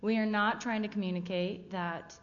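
A woman's voice: mid-range voice, steady tone, normal speed. A woman giving a casual, conversational missionary presentation to a church audience. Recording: dull sound with long hall reverb.

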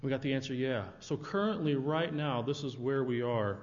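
A man sharing his missionary story with a church audience, relaxed and anecdotal. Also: mid-range voice, a little fast. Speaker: missionary presenter. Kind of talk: church presentation talk. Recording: dull sound with long hall reverb.

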